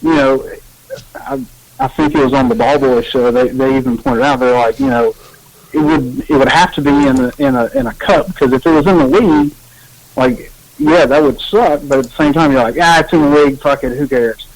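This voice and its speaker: A man chatting casually as a podcast co-host, rambling and relaxed, with many restarts. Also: mid-range voice, moderate pace, creaky, poor audio. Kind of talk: casual chat.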